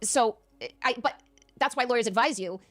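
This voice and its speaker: A woman answering interview questions in an emphatic, animated way, often stammering and restarting. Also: fairly high pitch, normal speed, soft background music. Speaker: interview guest.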